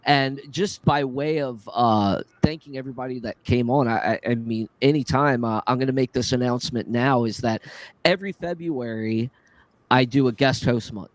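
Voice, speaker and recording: A man's voice: mid-range voice, normal speed, dry recording. A man hosting a live podcast panel, upbeat and casual, often restarting his sentences. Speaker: podcast host.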